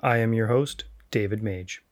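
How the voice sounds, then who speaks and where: A man hosting a podcast, reading a first-person account as scripted narration in a measured, plain storytelling manner. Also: on the low side, over music. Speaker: podcast host.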